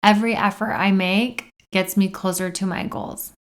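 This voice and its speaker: A woman's voice: medium pitch, steady tone, normal speed. A woman hosting a self-help podcast, talking casually and earnestly as she coaches listeners through example affirmations. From United States. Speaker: podcast host.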